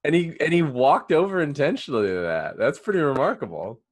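Animated mock-earnest male interviewer. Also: on the high side, brisk. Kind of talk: improv comedy interview.

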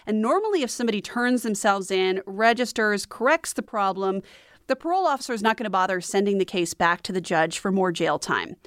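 A woman's voice: medium pitch, brisk, no echo. Woman narrating case details, dry sound. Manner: steady reading of case details. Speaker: podcast host. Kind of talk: scripted narration.

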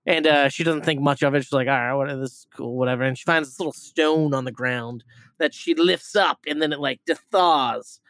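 A man's voice: a little high, moderate pace, a bit bright, no echo. A man hosting a movie review podcast, retelling a plot in a rambling, casual way, full of fillers, restarts and swearing.

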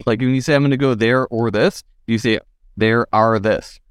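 A man's voice: mid-range voice, quick pace, clear, resonant tone, dry recording, studio quality. A man from California, a podcast guest chatting casually and joking around. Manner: animated, joking, mimics accents. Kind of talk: casual chat.

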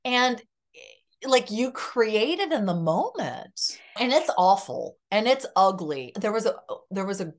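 A woman's voice: mid-range voice, measured pace. A middle-aged woman, a psychotherapist, telling a personal story candidly in a conversation and acting out the lines of the people in it. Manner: animated, acts out quoted dialogue. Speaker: psychotherapist guest.

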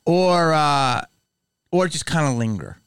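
A man hosts a podcast in easy, casual chat. His pitch swings widely as he tells stories and laughs between lines. The sound is dry and close. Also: slow, clear, resonant tone, no room sound. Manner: animated storyteller, laughs often. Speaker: podcast host.

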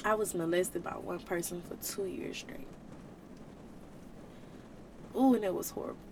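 A woman's voice: lowish voice, brisk, noisy background. A woman hosting a faith podcast, speaking in an earnest, emotional, preaching way, with casual slang. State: tearful at times. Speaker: podcast host.

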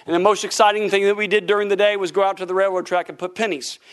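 A middle-aged man, a pastor, telling animated stories from the pulpit during a sermon, breaking into laughter and shouts at the punchlines. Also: sits high, racing, clean tone. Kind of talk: sermon storytelling. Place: church sanctuary.

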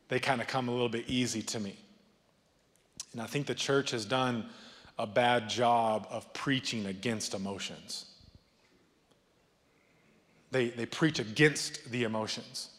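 A man preaching a sermon as pastor, swinging from loud, rising appeals to soft, low asides and joking with the congregation. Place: church sanctuary. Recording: long reverb of a church hall.

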